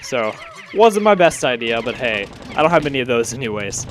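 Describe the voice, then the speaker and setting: A young let's play host, out of breath, rambles chattily through a video game playthrough and keeps correcting himself. His mid-range voice is sing-song and fairly quick, with slight background noise.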